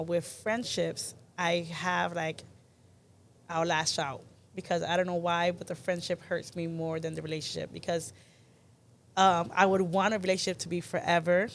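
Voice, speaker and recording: A woman's voice: lowish voice, slight background noise. A young woman guest talking through her feelings on a podcast in a reflective, rambling way. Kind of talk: casual chat.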